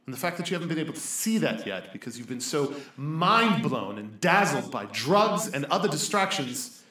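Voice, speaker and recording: A man's voice: lowish voice, a bit bright, echoey room, voice pushed down, lightly acted. A man voicing a stern old mage elder. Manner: formal, lecturing, scolding. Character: stern older male mage college elder.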